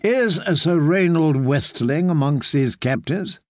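A man's voice: on the high side, expressive, slow, darkish tone, no echo. A man voicing a weary, dry-witted lord commander in an audiobook. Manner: dry, mild.

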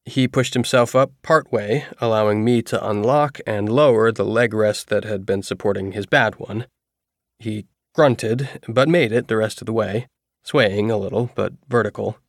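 Low-voiced man narrating a story. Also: normal speed, dry recording, studio quality. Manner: even storytelling. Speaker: audiobook narrator. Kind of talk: scripted narration.

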